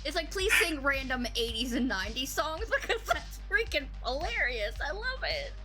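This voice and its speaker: A woman hosting a podcast, chatting casually with a guest. Her voice is a bit high and swoops up and down, and she dissolves into giggles between sentences. Music plays clearly under her voice. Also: normal speed. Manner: giggly, animated, breaks into laughter often. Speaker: podcast host interviewing a streamer. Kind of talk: casual chat.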